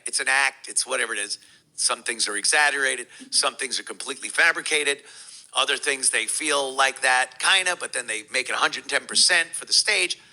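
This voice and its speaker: A man's voice: medium pitch, bright, forceful tone, rough recording. A man giving a heated, profane, mocking reaction commentary.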